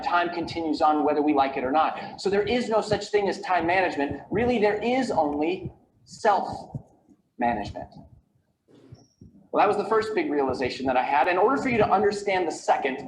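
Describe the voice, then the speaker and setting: A man giving a motivational keynote talk, telling stories and asking rhetorical questions with repeated lists. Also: fairly high pitch. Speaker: keynote speaker on time management. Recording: echoey video played over a call with background noise.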